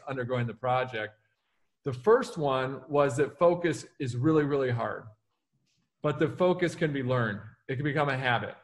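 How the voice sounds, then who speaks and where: Upbeat, higher-pitched motivational speaker man. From United States. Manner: energetic, punchy, acts out quoted lines. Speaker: author and keynote speaker. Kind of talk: interview answers, motivational.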